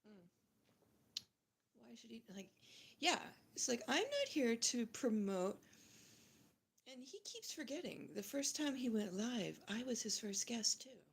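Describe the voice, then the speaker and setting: A middle-aged woman from Canada rants casually to her channel, piling up fillers and slipping into hushed asides. Her voice has a gravelly edge. A faint hiss sits under the recording. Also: a little high, sing-song. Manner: talks fast with many fillers, drops to whispers. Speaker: channel host. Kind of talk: casual ranting monologue.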